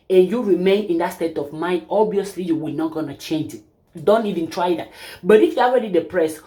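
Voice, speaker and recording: A woman's voice: lowish voice, a little mellow. A woman hosting her channel, giving an emphatic, preachy opinion monologue full of rhetorical questions, with non-native phrasing. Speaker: channel host.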